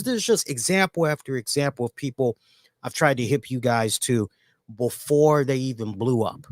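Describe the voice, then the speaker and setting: A man hosting a solo wrestling review, talking in an animated, emphatic way and repeating words for emphasis. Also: mid-range voice, no room sound, studio quality. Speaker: wrestling show reviewer, host.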